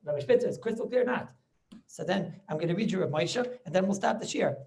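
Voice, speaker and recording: A rabbi in rapid flow, delivering a Talmud class over a video call. He talks quickly, doubles back on his words, and keeps pressing his listeners with quick questions to see if they follow. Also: sits high, lively intonation, vocal fry, a little mellow. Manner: repeats words and restarts as he goes. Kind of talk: Talmud lecture.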